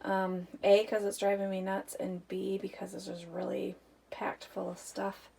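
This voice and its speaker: A chatty woman in her thirties talks through her pantry shelves in a casual, practical way, her voice carrying a gravelly, creaky edge. She walks around her home with the camera, and a faint hiss sits under her words. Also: mid-range voice, monotone, unhurried, mellow. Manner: chatty and practical, thinking aloud with many fillers. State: out of breath after the stairs. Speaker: homemaking vlogger. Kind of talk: casual walk-through vlog. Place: home basement storage and pantry.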